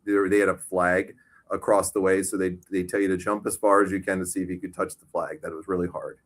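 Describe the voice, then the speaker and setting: A man's voice: sits low, flat delivery, fast. A man, co-hosting a casual podcast and telling a long profane story. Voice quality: profane, storytelling, loud bursts of quoted shouting. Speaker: podcast co-host. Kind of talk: casual chat.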